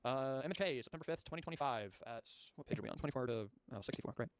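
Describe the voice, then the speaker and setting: Rapid-fire male streamer reading logs aloud. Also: mid-range voice, animated, dry recording. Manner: rapid, blunt, swears casually.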